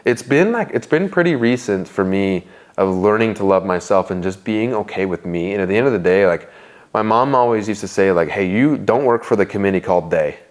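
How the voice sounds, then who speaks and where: A man's voice: lowish voice, brisk. A young man as an interview guest, talking casually and candidly, with many fillers and restarts. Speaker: guest, business owner.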